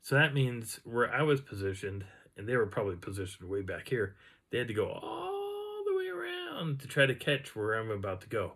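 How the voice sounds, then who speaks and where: A man casually recounting an outdoor encounter in a rambling, animated way, now and then imitating the sounds he heard. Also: fairly low pitch, fairly quick, husky. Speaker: outdoor storyteller. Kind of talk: casual first-person storytelling.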